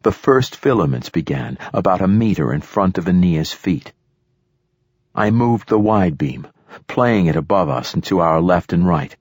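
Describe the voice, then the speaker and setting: Man, deep husky voice, steady measured first-person audiobook narration; dry booth sound. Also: no room sound. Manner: steady, measured reading with shouted dialogue bursts.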